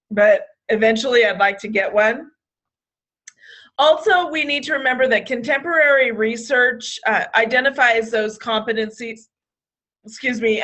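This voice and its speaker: A woman's voice: on the high side, a bit bright. A woman presenting a staff training session, restarting phrases often, with hiccups now and then. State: has hiccups. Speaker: state program trainer.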